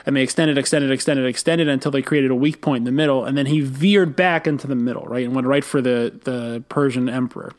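A man's voice: medium pitch, fast talker, few pauses. A man co-hosting a podcast, explaining points in a casual, wry way. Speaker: podcast co-host. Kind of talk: casual chat.

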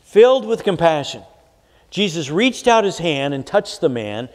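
A man pastor preaching a sermon in a measured way, pausing with fillers and reading scripture aloud. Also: on the high side, lively intonation, long reverb tail.

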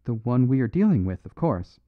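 A man voicing an impatient, forceful male detective, insistent in tone, on a dry, phone-like recording. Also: medium pitch, animated, measured pace, no room sound, close to an everyday voice. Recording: dry phone-like narrow sound.

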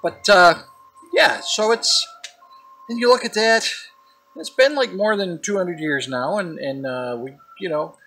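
A man's voice: sits high, measured pace, sharp tone, husky. A middle-aged man hosting a comedic vlog, telling corny jokes and puns in a chatty monologue. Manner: corny, jokey pun-telling delivery. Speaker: host. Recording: background music under voice.

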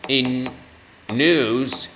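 A man's voice: mid-range voice, drawn-out words, bright, forceful tone, a little hiss or hum. A man rambling and joking at himself while commentating on brain-training games. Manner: rambling, self-mocking, lots of restarts. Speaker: gaming video host. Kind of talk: goofy gameplay commentary. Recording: long reverb, faint music.

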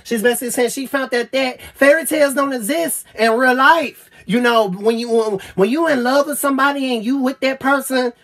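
A woman gushing over an album in a casual review vlog, swearing freely and stammering with repeated fillers, at times choking up and trailing off quietly. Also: sits high, fairly even intonation, brisk, hardly any pauses. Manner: gets choked up and trails off quietly. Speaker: music reviewer.

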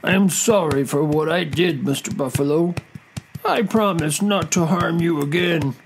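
A storyteller voicing a whining male crocodile who begs in long, drawn-out cries. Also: medium pitch, vocal fry, faint music behind, pitched above the performer's own voice. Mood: pleading. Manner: drawn-out slow pleading cries. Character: whining high-pitched male crocodile, pained then pleading.

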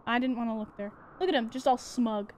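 A woman's voice: fairly high pitch, a little fast, slight background noise. Laughing young woman streamer. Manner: laughs often, yells at the game. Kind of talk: casual gameplay commentary.

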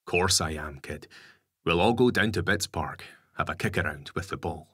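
A man voicing a gruff ex-con dad. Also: low voice, normal speed, sharp tone, dry recording, studio quality, full character voice. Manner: gruff, swears casually. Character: weary ex-convict father, blunt and sardonic. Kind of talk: audiobook character voice.

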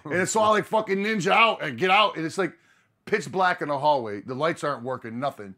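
Profane, animated man telling a road story. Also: on the high side, a little fast. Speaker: podcast host. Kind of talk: casual storytelling chat.

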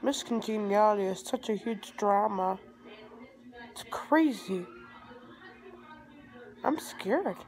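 Recovering from surgery at home, a teenage girl records a rambling selfie vlog on a phone held at arm's length, sounding groggy. Her medium-pitched, darkish voice is expressive but slow, with frequent pauses. The recording is rough.

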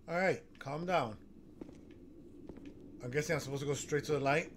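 A man giving nervous, excitable running commentary while playing a horror game, gasping and talking himself through it. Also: on the high side, moderate pace, pauses often. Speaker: gaming streamer. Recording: noticeable background noise.

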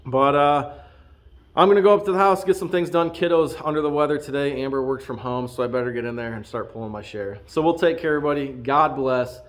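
A man's voice: medium pitch, quick pace. A man in his thirties, a farm vlogger, talking casually and earnestly to his viewers from his farm. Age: 30s. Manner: earnest, heartfelt, thanking viewers. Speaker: farm vlogger and channel host. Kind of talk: casual talk to camera.

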